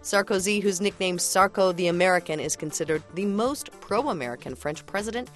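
Radio newsreader, woman, lowish register, steady formal delivery. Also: brisk, faint music behind. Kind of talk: radio news reading.

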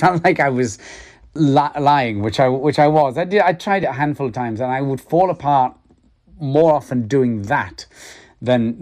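A middle-aged Welsh man, an actor, giving reflective interview answers with many restarts. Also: mid-range voice. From Wales. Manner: halting, many restarts, soft laughs.

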